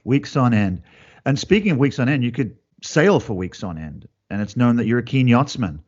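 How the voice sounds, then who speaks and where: A man's voice: mid-range voice, expressive, moderate pace, darkish tone, muffled recording. An Australian man hosting a podcast, who keeps the interview banter light and teasing. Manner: jokey, teasing, upbeat host banter. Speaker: podcast host.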